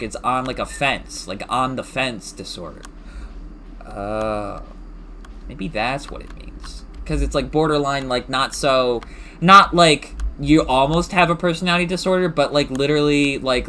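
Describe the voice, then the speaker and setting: Lively, rambling male streamer. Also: mid-range voice, a little hiss or hum. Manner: rambling, musing aloud. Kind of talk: casual game commentary.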